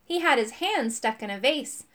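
Lively lady reading a kids' story, fairly high voice, pitch all over. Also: normal speed. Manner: expressive, animated reading. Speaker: audiobook reader. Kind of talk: children's storybook narration.

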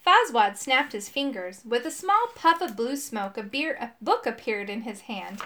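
A woman narrating a children's storybook aloud in a clear, steady way. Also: a little high, moderate pace. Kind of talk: audiobook storybook reading.

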